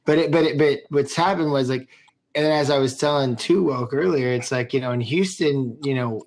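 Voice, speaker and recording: Man, casual podcast host, mid pitch, loose rambling delivery. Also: normal speed, darkish tone. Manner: loose, rambling, swears casually, frequent restarts.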